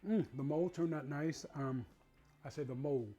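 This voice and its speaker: A man's voice: on the high side, moderate pace, faint music behind. A man hosting a cooking show, chatting casually and enthusiastically as he tastes his food. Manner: warm, enthusiastic, savoring food aloud.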